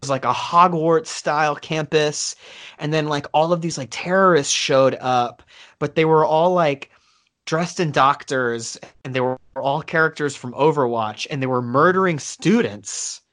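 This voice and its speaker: A man's voice: fairly high pitch, unhurried, fairly bright tone. A man co-hosting a casual podcast, rambling through a long story with many fillers and swearing. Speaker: podcast co-host. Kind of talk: casual chat.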